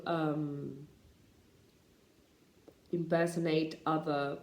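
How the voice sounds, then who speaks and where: A woman teaching English pronunciation, talking slowly and deliberately with frequent hesitations. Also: low-pitched, darkish tone, roomy sound. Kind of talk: pronunciation lesson to camera.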